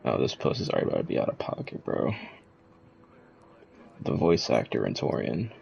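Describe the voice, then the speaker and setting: A man hosting a casual stream chat with friends, slangy and quick to laugh. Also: rumbling low, big pitch swings, gravelly, darkish tone, breathy edge. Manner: laughing often, slangy, trails off in restarts. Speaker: streamer host. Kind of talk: casual group chat reacting to posts. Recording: dull lo-fi mic with faint noise.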